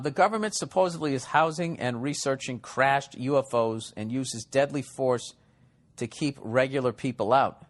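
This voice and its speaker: A man's voice: mid-range voice, a bit bright. Male comedy podcast host, rambling and profane, sarcastic. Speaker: podcast host reading listener letters.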